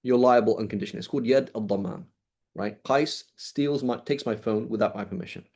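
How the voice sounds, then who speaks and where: A man's voice: on the low side, a little fast, a little mellow. A man teaching Islamic law in a casual lecture, talking conversationally and acting out little dialogues to make his points. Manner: conversational, illustrates points with quoted dialogue and rhetorical "right?".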